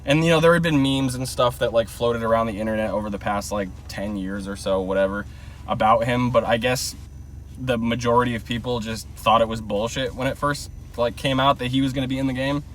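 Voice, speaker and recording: A man's voice: mid-range voice, fairly even intonation, brisk, fairly bright tone, recorded from a distance. Rambling, blunt man ranting in a car. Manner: rambling, heavy on filler words, blunt and opinionated. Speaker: vlogger. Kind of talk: casual opinion rant. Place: inside a parked car.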